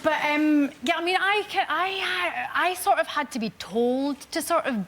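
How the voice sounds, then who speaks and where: A woman's voice: high voice, moderate pace, fairly bright tone, some chatter behind. A woman, chatting in a rambling, self-mocking way as a talk show guest. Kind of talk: casual chat.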